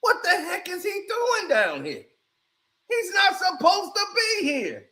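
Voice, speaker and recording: A man doing casual, animated reaction commentary on a basketball clip, mocking and shouting as he reacts. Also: very high-pitched, takes it slowly. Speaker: sports commentary streamer.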